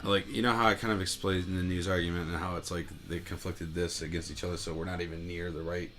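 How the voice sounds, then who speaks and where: Casting: low-voiced man with a bright edge, ranty podcast co-host, profane and jumpy. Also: little pitch movement, fast talker, a little hiss or hum. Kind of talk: casual podcast chat.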